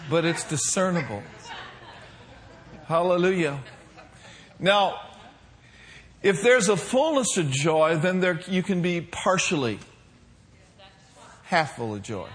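Male pastor, higher voice, mid sermon, calls out to the room, casual fillers. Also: lively intonation, slow pace, long pauses, a bit bright, some chatter behind. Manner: preaching with call-and-response asides. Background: congregation responding.

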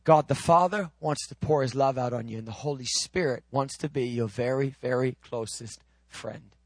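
A man preaching a sermon, swinging from loud, high proclaiming to low, quiet, intimate teaching. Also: moderate pace, dry recording.

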